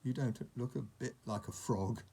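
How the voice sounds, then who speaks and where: A man's voice: medium pitch, moderate pace, creaky, dark tone, breathy edge. A man voicing a very old, short-sighted and hard-of-hearing female sheep who mishears everything in a storybook reading. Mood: muddled. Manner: mishears everything, muddled and sure of herself.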